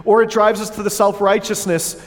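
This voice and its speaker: High-voiced man preaching in a reverberant church. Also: flat delivery, moderate pace. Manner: earnest preaching with playful asides to the congregation. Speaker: pastor. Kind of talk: sermon. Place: church sanctuary. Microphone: wireless headset or lapel mic with battery pack. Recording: long church hall reverb.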